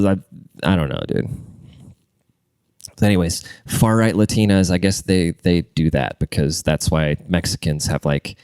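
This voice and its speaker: A man's voice: low voice, vocal fry, smooth, no echo. A young man hosting a podcast alone, talking crude and rambling, and congested. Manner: crude, rambling, jumps between loud and muttered. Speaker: podcast host. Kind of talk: casual solo podcast rant.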